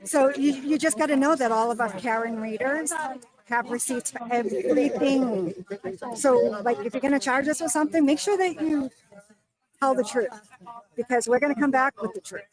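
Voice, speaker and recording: A woman calling into a livestream who retells what happened in an animated, chatty way. Her voice sits fairly high for a woman, and clear crowd chatter is heard behind her. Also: moderate pace, rough recording. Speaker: guest reporting on court. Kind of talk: casual livestream chat.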